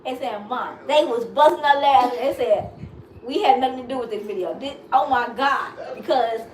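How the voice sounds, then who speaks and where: A woman with a Chicago accent co-hosting a live chat, telling stories in an animated way with many restarts. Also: sits high, moderate pace. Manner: animated storytelling, frequent laughs and restarts. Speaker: live show co-host. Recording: echoey room with steady background noise.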